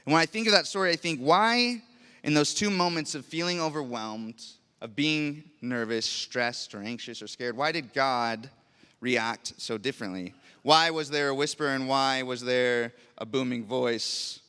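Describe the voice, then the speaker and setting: Man preaching, earnest, rhetorical questions, bright forceful tone, smooth resonant voice, long church reverb. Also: medium pitch, unhurried. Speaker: pastor. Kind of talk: sermon. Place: church sanctuary. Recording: long reverb of a large hall.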